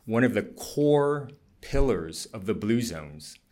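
A man's voice: on the low side, sing-song, slow pace, darkish tone. A man, a physician, giving a presentation talk in an earnest, explanatory way with frequent fillers.

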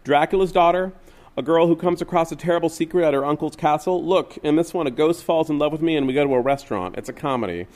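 A man voicing a faded older actress who fusses gently over a young man. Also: fairly high pitch, fast, voice pushed up, lightly acted. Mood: doting. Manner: gentle, doting. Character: faded older actress, the motherly Snow Queen.

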